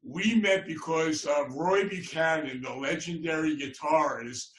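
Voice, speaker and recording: A man hosting a podcast interview, telling stories slowly with many fillers. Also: a little high, a bit bright, echoey room, a little hiss or hum. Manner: rambling storyteller with many fillers. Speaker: podcast host. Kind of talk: conversational interview.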